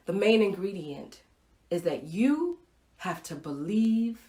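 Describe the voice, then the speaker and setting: A woman hosting a live-streamed inspirational talk, telling a personal story with animated acted-out reactions and dropping to a soft, intimate voice for key points. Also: fairly low pitch, slow pace, echoey room. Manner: animated storytelling, acts out her own reactions. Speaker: host. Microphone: Facebook Live stream, webcam or phone mic.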